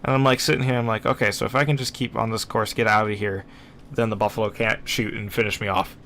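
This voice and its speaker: A man's voice: fairly low pitch, little pitch movement, fast talker, a bit bright, a little hiss or hum. A young man casually commenting on a replay of his own naval battle game, chatty and self-deprecating, acting out what he was thinking at the time. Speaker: gameplay commentator.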